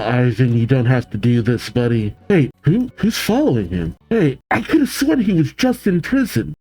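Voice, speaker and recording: A man's voice: medium pitch, mellow. A man hosting a reaction video, thinking aloud about a cartoon episode with frequent groans, sighs and exclamations. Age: adult, older than the show's young fans.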